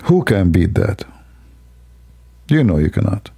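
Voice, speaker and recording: A man's voice: sits low, sing-song, measured pace, vocal fry, warm tone, husky. A man hosting a livestream, talking in a sarcastic, rambling, mock-admiring way. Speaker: livestream host. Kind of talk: mocking livestream commentary.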